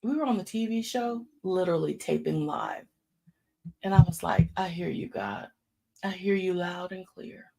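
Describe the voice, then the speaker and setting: This church speaker, a woman in her fifties, has a fairly low voice with vocal fry and keeps a moderate pace. Her informal sermon is full of animated stories, and she addresses the congregation as y'all.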